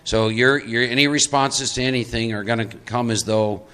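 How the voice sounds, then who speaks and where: A man's voice: mid-range voice, normal speed, fairly bright tone, clean tone. A middle-aged man from Texas leading a live recovery workshop, coaching audience volunteers into roles and stressing key points with repetition. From Texas, USA. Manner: emphatic, repeats key points.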